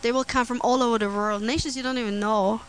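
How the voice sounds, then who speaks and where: A woman preaching a sermon on scripture, earnest and prone to restarts and soft laughter. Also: on the high side, steady tone, quick pace, a little hiss or hum, rough recording.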